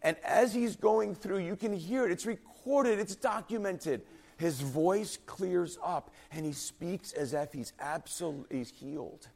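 A man preaching a sermon in an earnest, emphatic way, and his voice at times falters and turns quiet and husky. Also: sits high, a little slow. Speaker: pastor.

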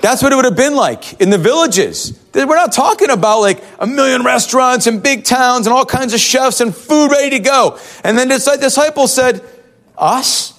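An animated male pastor preaching in a church, his voice sitting high and swinging widely in pitch. He talks conversationally, tossing out rhetorical questions to the congregation. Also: normal speed, few pauses. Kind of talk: sermon.

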